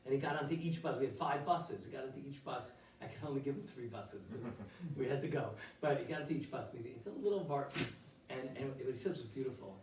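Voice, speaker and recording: A man teaching an informal Torah class in a synagogue hall, animated and full of rhetorical questions, with Hebrew phrases mixed in. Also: mid-range voice, fast, a little hiss or hum. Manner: mixes in quoted Hebrew phrases. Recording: roomy hall, distant mic, faint ambience.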